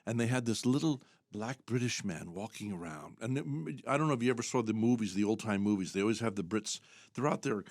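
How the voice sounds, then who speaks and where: A man's voice: on the low side, quick pace, few pauses, a little mellow, dry recording, studio quality. An older man co-hosting a casual talk show, telling rambling stories and acting out the quotes. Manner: rambling anecdotes with acted-out quotes. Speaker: co-host. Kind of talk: casual storytelling chat.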